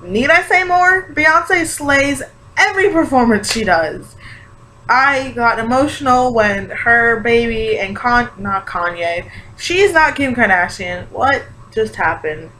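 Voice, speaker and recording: Bright, gushing young woman vlogger. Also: a little high, slow pace, rough recording. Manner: gushing and excitable, many fillers. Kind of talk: casual reaction vlog. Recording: faint background hiss.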